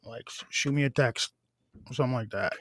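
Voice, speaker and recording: A man's voice: medium pitch, fairly quick, fairly bright tone, dry recording, studio quality. A man co-hosting a casual talk show, telling anecdotes in a rambling way, often restarting sentences and swearing casually. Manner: rambling storyteller, self-corrects, casual swearing. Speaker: podcast co-host. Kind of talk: casual chat.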